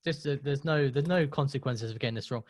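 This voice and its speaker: A man's voice: mid-range voice, fast talker, a little mellow, no room sound. A man hosting a live webinar, upbeat and chatty, running a quiz with the audience. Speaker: webinar host.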